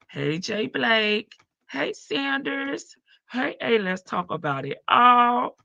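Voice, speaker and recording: A woman's voice: on the high side, big pitch swings, slow, gravelly, pushed and bright, no room sound, highs cut off. A woman with a heavy morning voice, hosting a casual live stream from her front porch and greeting viewers by name.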